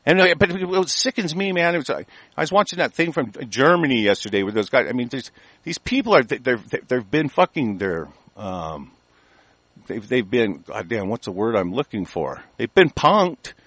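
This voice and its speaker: A man hosting a radio show, delivering an angry, profanity-filled monologue full of halting restarts. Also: mid-range voice, big pitch swings, fairly bright tone, dry recording, low-quality recording. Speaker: radio host.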